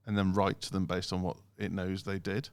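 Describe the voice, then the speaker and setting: Creaky low-voiced man. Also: brisk. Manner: animated, mimics phone recordings in sing-song voices. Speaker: podcast co-host. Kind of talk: casual podcast chat.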